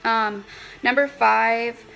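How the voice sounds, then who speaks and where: Woman, thirties, casual vlog chat, rambling with fillers, slightly breathless, gravelly. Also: on the high side, steady tone, very slow, pushed and bright, poor audio. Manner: chatty and rambling, many "like"s and "um"s. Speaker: vlogger, mother of a large family.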